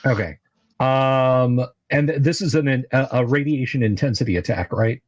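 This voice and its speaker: A man running a tabletop game as game master, halting with many filler sounds. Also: medium pitch, no echo. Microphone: video call mic.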